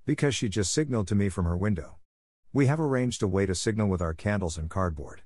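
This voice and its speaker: A man's voice: fairly low pitch, animated, fast, darkish tone, no room sound, clean studio sound. A man voicing an eager, chatty, imaginative young girl who gushes and pleads breathlessly. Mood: pleading.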